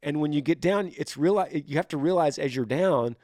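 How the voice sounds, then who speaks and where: A man's voice: on the high side, brisk, few pauses, darkish tone, dry recording, studio quality. A man hosting a podcast, giving earnest, rambling advice in a casual monologue and often repeating words as he searches for them. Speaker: podcast host.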